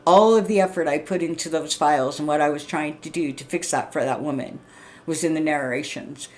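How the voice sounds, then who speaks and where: Middle-aged woman streamer, deep voice, blunt, profane, rambling vent. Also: fairly quick, a little mellow, a little hiss or hum. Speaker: livestreamer. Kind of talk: casual venting monologue.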